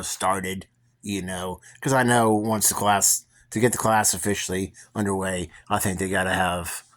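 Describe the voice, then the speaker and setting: Young guy w a low voice, rambling story to the camera, lots of uhs. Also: a bit bright. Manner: rambling, full of fillers and restarts, yawning. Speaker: vlogger.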